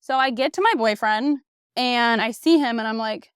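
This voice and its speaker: A young woman hosting a casual podcast about dating, chatty and animated, full of fillers and swearing. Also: fairly high pitch, normal speed, clean tone, no echo, clean studio sound. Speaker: podcast host. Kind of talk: casual solo dating chat.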